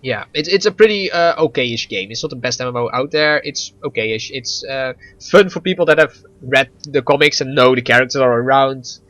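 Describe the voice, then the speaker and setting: A man's voice: mid-range voice, brisk, few pauses, fairly bright tone, no echo, highs cut off. A man co-hosting a casual gaming chat, rambling with stammers, restarts and frequent laughs. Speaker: gaming podcast co-host.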